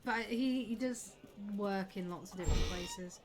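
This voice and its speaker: A woman streaming a game live, chatting away excitably and swearing now and then. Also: medium pitch, normal speed, soft background music. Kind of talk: live gameplay commentary.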